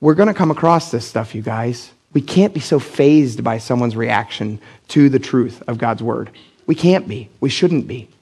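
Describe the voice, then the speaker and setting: A gravelly, husky, slightly mellow voice of medium pitch belongs to a middle-aged Pennsylvania man pastoring a church. He keeps a moderate pace with lively intonation, preaching casually and bluntly while impersonating quoted people through sharp vocal jumps.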